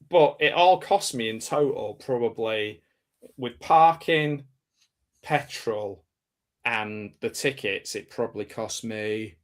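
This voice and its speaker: A man from Cumbria, hosting a casual live watch-party chat in a jokey, rambling way. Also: mid-range voice. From Cumbria, England. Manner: jokey, rambling, laughs at own jokes. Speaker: host.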